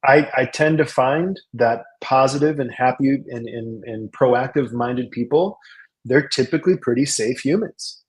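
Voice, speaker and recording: A man with a mid-range voice talks through a business lesson in a relaxed webinar conversation. He tells stories with animated, acted-out dialogue. He often repeats and restarts his words. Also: medium pitch, a little slow, rough recording. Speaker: salon business coach. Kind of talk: casual webinar talk.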